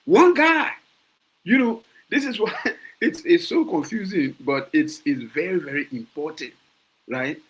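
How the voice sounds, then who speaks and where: This is a Liberian man with a Liberian accent speaking his mind on a casual podcast. His voice sits a little higher than most men's. He gets worked up, circles back over his own words and throws out rhetorical questions. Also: animated, unhurried, fairly bright tone, low-quality recording. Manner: passionate, repeats words and restarts, asks rhetorical questions. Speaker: podcast host. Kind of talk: casual opinion talk.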